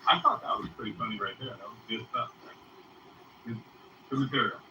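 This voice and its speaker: Bright-toned man brushing off a jab. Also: mid-range voice, fairly quick, roomy sound, distant mic, slight background noise, rough recording. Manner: dismissive and dry. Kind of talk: casual online voice chat.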